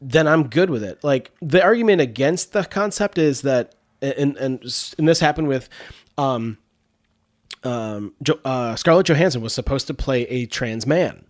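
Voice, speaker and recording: A man's voice: mid-range voice, animated, measured pace. A man hosting a podcast in casual chat, with congested sinuses, rambling and restarting his sentences with frequent laughs. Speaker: podcast host.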